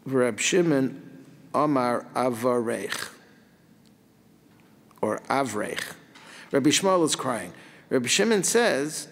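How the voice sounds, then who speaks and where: Rabbi lecturing in a reverberant hall. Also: male voice, mid-range voice, takes it slowly, pauses often. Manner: reads Hebrew and Aramaic text then translates it, lively questions. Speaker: rabbi teaching a class. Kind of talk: Talmud lecture.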